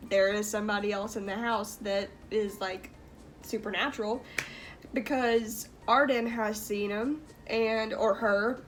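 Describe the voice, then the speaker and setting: A young woman hosting a vlog, casually telling a spooky story with lots of "like" fillers and giggles. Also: mid-range voice. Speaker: vlog host.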